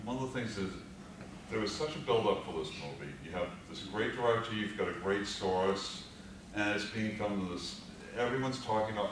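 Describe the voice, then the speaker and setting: A man moderating a panel, asking a guest questions in a measured, conversational way. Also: fairly low pitch. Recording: echoey room, mic far off, noisy.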